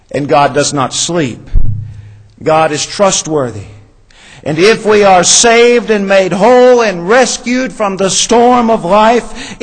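A man preaching a sermon in a measured, earnest way, often dropping soft and low for emphasis. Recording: long hall reverb.

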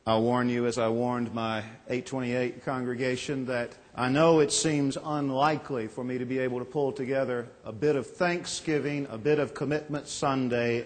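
A man's voice: mid-range voice, a little hiss or hum. Man in his forties preaching in an echoing church. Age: 40s. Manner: folksy storytelling with self-deprecating jokes. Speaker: pastor. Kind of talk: sermon. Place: church sanctuary. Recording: long echo of a large church.

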